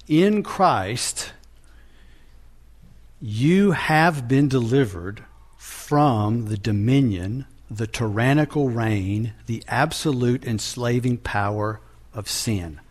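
A man preaching a sermon, teaching from scripture in a deliberate manner with frequent restarts. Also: mid-range voice.

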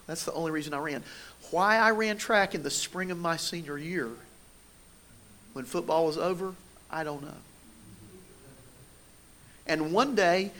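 A pastor with a slightly higher-pitched voice preaches a sermon. He moves between easy, conversational storytelling and more pointed emphasis on his main points. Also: a bit bright.

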